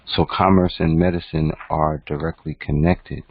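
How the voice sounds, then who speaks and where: Speaking at normal speed in a very deep, level voice, this man runs an online class like a conversational lecture. He keeps asking "right?" to check in, and the recording is dry, dull lo-fi audio.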